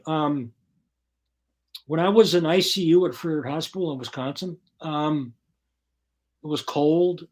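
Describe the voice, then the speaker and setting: A man as an interview guest, telling his story bluntly and profanely in casual, animated talk. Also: on the high side, a little slow, pauses often.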